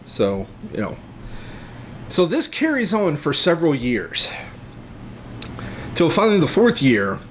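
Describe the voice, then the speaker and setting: A middle-aged man on a podcast, telling a comic personal story in a deadpan, rambling way full of hesitations. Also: mid-range voice, a little hiss or hum. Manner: rambling, deadpan, hesitant with many ums and uhs. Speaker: podcast co-host.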